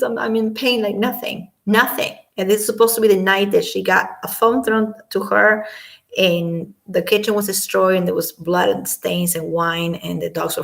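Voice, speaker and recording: Woman, vocal fry, ranting vlog commentary, emphatic and repetitive. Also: mid-range voice, a bit bright. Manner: indignant, emphatic, repeats herself. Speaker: commentary vlogger. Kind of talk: casual spoken commentary.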